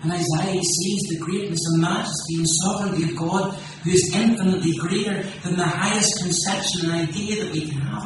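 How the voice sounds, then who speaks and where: Preacher in an echoey hall. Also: male voice. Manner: impassioned preaching, rising to loud exclamation then dropping low and slow. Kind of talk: sermon. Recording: echoey room from far off with noise.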